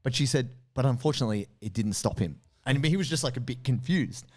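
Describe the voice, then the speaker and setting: A man tells a story on a podcast in a loose, chatty way. His pitch rises and falls a lot, and he often slips into other voices to act out what people said. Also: fast talker. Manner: animated, acts out voices in quotes. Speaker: podcast co-host. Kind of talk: casual storytelling chat.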